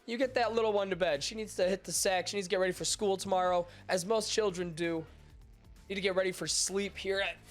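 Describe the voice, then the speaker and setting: A man's voice: sits high, a bit bright. A young man hosting a podcast stream, chatting casually and crudely with his chat, his voice stuffy and nasal from allergies. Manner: crude, joking, self-mocking, swears a lot. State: congested, stuffy nose from allergies.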